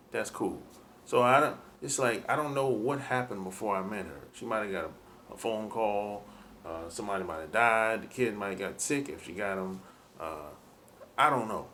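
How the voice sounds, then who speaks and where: A man's voice: lowish voice, a bit bright, a little hiss or hum. A man giving dating advice in a laid-back, rambling monologue full of "you know".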